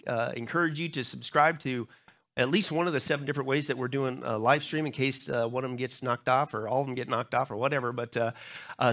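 A man leading church announcements, a pastor who jokes and rambles, full of fillers. His voice sits a little high and rings bright and forceful. He speaks to a sanctuary crowd and viewers online. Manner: joking, loose and chatty, many fillers. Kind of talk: church announcements before a sermon.

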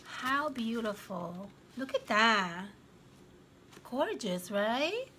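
A woman casually showing off her thrift-shop finds on camera, gushing with excitement over each one. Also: fairly high pitch, extremely slow, slight background noise. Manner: gushing, excitable, frequent gasps and exclamations. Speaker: craft vlogger. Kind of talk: casual show-and-tell vlog.

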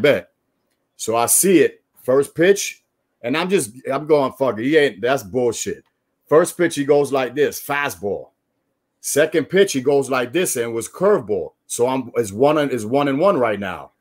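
New york guy, ex ballplayer, telling stories loud and profane, super animated. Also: mid-range voice. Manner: animated, profane, storytelling with quoted voices. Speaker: former baseball player, guest. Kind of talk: casual storytelling chat.

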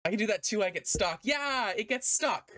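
A woman's voice: medium pitch, lively intonation, moderate pace, a bit bright. A woman streamer in casual let's-play commentary, rambling and self-deprecating and laughing often.

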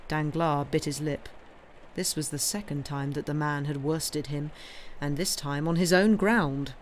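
A woman reading a classic novel aloud on a livestream, narrating in an even, measured way. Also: sits low, slight background noise. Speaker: reader.

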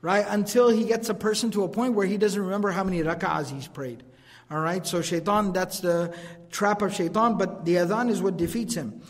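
Male preacher, high and fast, animated lecture style with casual asides, recorded in a reverberant hall. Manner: quick, animated, mixes in recited scripture and casual asides. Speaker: preacher teaching a lecture series. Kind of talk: religious lecture.

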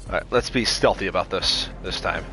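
A man's voice: low-pitched, a little fast, over music. A man casually chatting with his viewers while livestreaming a video game, reacting as he plays. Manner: chatty, reacts to chat, frequent restarts. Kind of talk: casual gameplay livestream chat.

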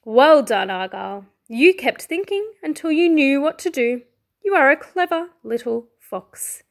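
A woman voicing a patient mother fox who speaks softly and encouragingly, in a picture-book read-aloud. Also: high voice, expressive, unhurried, voice pushed up. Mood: gentle. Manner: soft, encouraging.

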